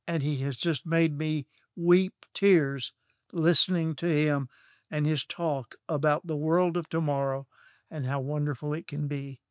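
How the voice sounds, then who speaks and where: An older man from Texas, a guest on an interview show, telling stories from his past in an unhurried, anecdotal way. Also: on the high side, steady tone, dry recording, clean studio sound. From Texas, USA. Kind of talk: reminiscing storytelling.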